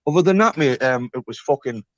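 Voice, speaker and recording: A man's voice: mid-range voice, lively intonation, fast talker, a bit bright, no room sound. A man in casual chat on a live panel, rambling and swearing, calling others mate. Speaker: panel guest.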